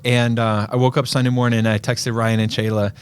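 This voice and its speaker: A man co-hosting a film podcast in a relaxed, joking chat, with plenty of fillers and restarts. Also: medium pitch, a little fast, slight background noise. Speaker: podcast co-host. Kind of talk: casual chat.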